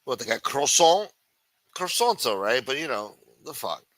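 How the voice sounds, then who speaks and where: Very animated and speaking at normal speed, this mid-range male voice comes through a dry recording. He runs a live chat stream full of constant swearing, shouting taunts before muttering his answers to viewers in a profane rant.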